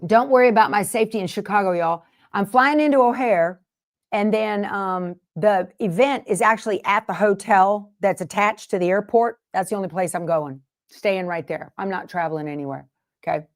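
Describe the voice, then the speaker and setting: A woman's voice: mid-range voice, normal speed. A woman hosting a sewing livestream, chatting casually with viewers and rambling from one topic to the next. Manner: rambling, jumps between topics and interrupts herself.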